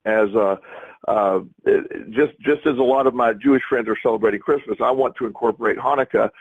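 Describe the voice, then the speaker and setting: Husky middle-aged man on a tinny line. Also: medium pitch, brisk. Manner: rambling, many restarts and repeated words. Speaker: podcast co-host. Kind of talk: casual chat.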